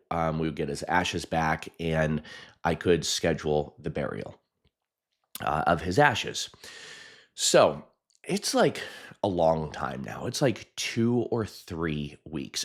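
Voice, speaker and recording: A man, a hypnotist, telling a personal story in a chatty, animated way, with frequent laughs and fillers. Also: deep voice. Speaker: hypnotist and video host.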